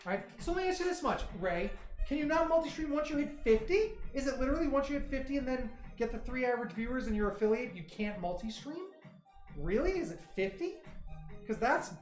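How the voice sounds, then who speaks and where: Excitable man chatting on a livestream. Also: high-pitched. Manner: excitable, rambling, talks to chat. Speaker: livestream host. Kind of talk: casual livestream chat. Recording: roomy echo, faint music.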